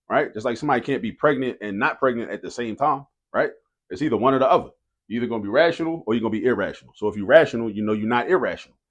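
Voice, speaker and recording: A man explains math to students in a relaxed, conversational way. He drills each rule by saying it again and again. His voice sits at an ordinary middle pitch. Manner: repeats key rules for emphasis, casual and direct. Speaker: math teacher.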